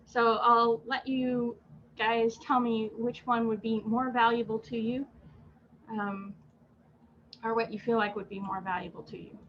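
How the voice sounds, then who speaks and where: High-voiced woman coaching writers. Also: flat delivery, measured pace, dull audio, a little hiss or hum. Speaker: writing coach panelist. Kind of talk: informal teaching talk.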